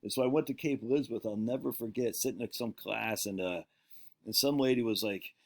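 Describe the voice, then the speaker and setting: Low-voiced man rambling through old stories. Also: brisk, a little mellow. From Peaks Island, Maine. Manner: rambling, self-correcting, chatty asides. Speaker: show host. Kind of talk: casual rambling storytelling.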